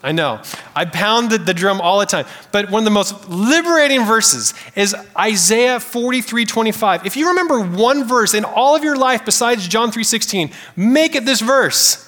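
A man preaching a sermon in a church sanctuary, animated and conversational, calling out to the congregation. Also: high voice, moderate pace, big-room sound. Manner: animated, conversational preaching with audience call-outs. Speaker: pastor.

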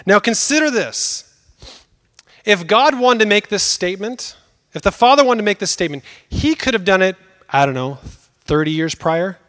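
High-voiced man preaching a sermon. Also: a bit bright. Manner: conversational, emphatic preaching with dramatic pauses.

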